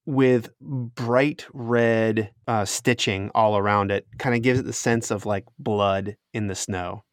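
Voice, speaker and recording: A man's voice: lowish voice, steady tone, slow pace, no echo, studio quality. A man running a tabletop game as game master, narrating scenes in a descriptive, easygoing way and laughing often.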